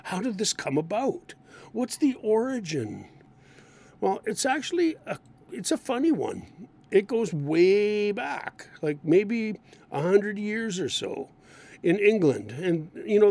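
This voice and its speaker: A man teaching English idioms, explaining each one and acting out example lines in an animated way. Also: high voice, gravelly.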